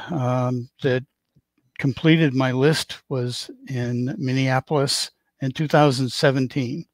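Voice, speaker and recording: A man's voice: medium pitch, no room sound. Older man with a Boston accent. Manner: rambling, joking storyteller. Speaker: guest. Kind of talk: casual chat on a stream.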